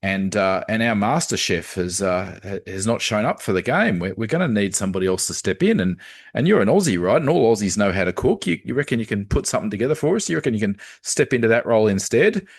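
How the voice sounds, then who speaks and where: A man's voice: on the low side, big pitch swings, fast, no echo, clean studio sound. A man voicing a male sports coach who coaxes and hurries his player. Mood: coaxing.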